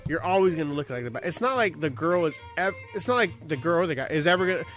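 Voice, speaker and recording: A man chatting casually on a podcast about relationships, cursing freely and telling stories with sudden loud outbursts. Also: on the high side, fast talker, faint music behind. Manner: profane, animated storytelling with sudden shouted outbursts.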